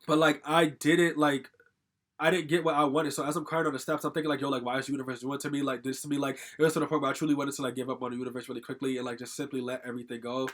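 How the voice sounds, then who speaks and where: A man's voice: medium pitch, little pitch movement, very fast, a bit bright. A young man from Connecticut telling a personal story in a casual, rambling way, full of "like" fillers and casual swearing. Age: young adult. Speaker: storytime vlogger.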